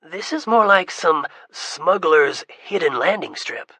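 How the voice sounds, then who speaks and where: A man's voice: a little high, lively intonation, slow pace, bright, forceful tone, husky, no echo, exaggerated voice. A man voicing a joking teenage boy who puts on a mock Australian accent.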